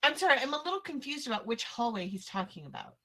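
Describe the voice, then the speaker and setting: A woman's voice: high voice, sing-song, fast talker, pushed and bright. A woman playing a tabletop game, chatty and a little flustered. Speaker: player. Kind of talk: casual game talk.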